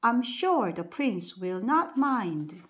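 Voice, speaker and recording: A woman's voice: fairly high pitch, big pitch swings, slow. A woman reading the part of a helpful palace guard in a bedtime story, polite and obliging.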